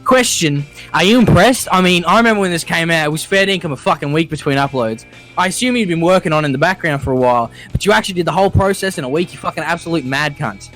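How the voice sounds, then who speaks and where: A man putting on a loud, stereotypical Australian accent, voicing a brash, swearing Australian bloke. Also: fairly high pitch, fast talker, soft background music, close to an everyday voice. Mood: boisterous. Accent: Australian, put on.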